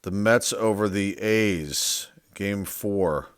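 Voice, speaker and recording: A man's voice: fairly low pitch, drawn-out words, clean tone, dry recording, clean studio sound. A man hosting his own channel, reading out names one by one in casual commentary and musing aloud, sometimes unsure how to say them. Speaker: sports card collector and channel host.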